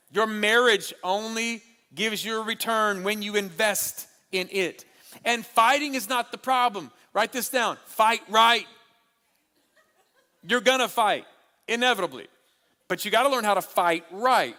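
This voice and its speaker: A high, bright male voice preaching with animated humor, driving his points home by repeating them. The sound carries a long hall reverb, as from a large church auditorium. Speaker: pastor. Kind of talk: sermon at a marriage conference.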